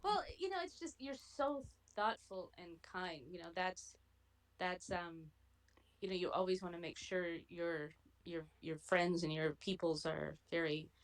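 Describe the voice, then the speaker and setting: A middle-aged woman speaking warmly to her daughter as a podcast guest, gentle and affectionate with many fillers. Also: fairly low pitch, rough recording. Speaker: guest, host's mother. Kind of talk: casual conversation.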